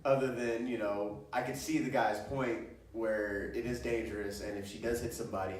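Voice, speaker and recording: A man's voice: fairly low pitch, fairly even intonation, moderate pace, a little hiss or hum. A man telling crude stories as a stand-up comic, laughing often as he talks. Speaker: stand-up comedian. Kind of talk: stand-up storytelling. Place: comedy show room. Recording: roomy echo, distant mic.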